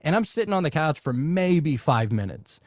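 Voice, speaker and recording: A man from Louisiana telling a long story in casual podcast chat, animated and swearing freely, with many fillers and restarts. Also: on the high side, normal speed, dry recording, studio quality. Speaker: podcast guest.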